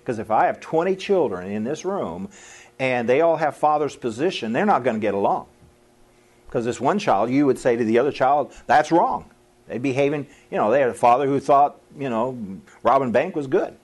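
A middle-aged man preaching a sermon to a live audience in a folksy, animated way, laughing at his own lines and acting out quoted voices. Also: medium pitch, fairly quick.

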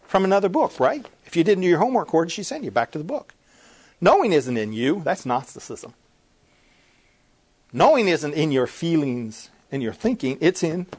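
A man's voice: sits high, darkish tone, slightly rough. A man preaching an emphatic sermon-style talk, firing rhetorical questions and repeating phrases as he presses each point.

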